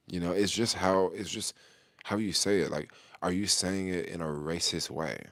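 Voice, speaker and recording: A man's voice: low voice, measured pace, fairly bright tone, dry recording, studio quality. A middle-aged man talking casually to the camera in loose, slangy street talk, chuckling often as he answers a viewer's question.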